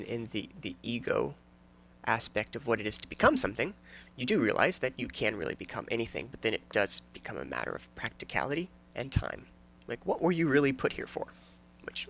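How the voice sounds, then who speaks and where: Lively, gravelly-voiced man rambling. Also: mid-range voice. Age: 30s. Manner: rambling, self-interrupting and jokey. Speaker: podcast host. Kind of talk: casual solo podcast monologue.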